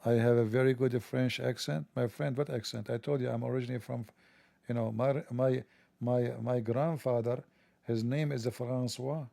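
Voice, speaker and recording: A man with a gravelly, creaky voice and a dark, mellow tone runs a sarcastic monologue on his livestream. He mocks and jokes throughout, and the sound is dry and close with no room echo. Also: mid-range voice, steady tone, normal speed. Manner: sarcastic, joking, mocking. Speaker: livestream host. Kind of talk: mocking monologue.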